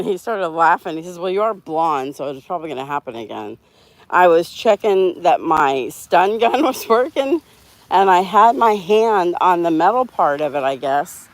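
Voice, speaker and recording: A woman's voice: lowish voice, sing-song, moderate pace, no echo. A woman hosting a casual live stream while walking her dogs outside, chatting to viewers and laughing often. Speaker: dog channel host. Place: outdoors on a sidewalk.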